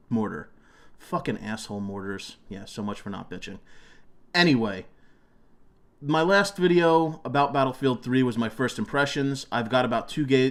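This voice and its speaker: A young man giving gameplay commentary, ranting and swearing a lot, often restarting his sentences. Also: mid-range voice. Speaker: gaming commentator. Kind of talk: profane gameplay commentary rant.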